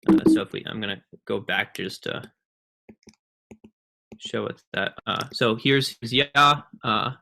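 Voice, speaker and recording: Young man presenting, bright and halting. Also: mid-range voice, creaky. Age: young adult. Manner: halting, many ums and restarts. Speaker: student presenter. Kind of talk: casual online presentation.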